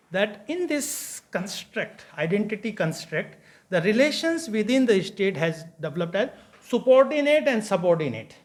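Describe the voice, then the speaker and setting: A man giving an academic conference lecture, emphatic and halting, with frequent restarts. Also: high voice. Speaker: conference speaker.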